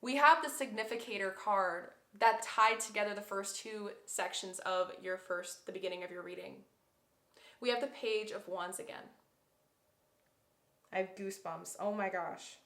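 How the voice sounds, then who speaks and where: A woman's voice: medium pitch, normal speed, pushed and bright, roomy sound. A woman giving a pick-a-card tarot reading, talking straight to her viewers in an emotional, effusive way. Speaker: tarot reader.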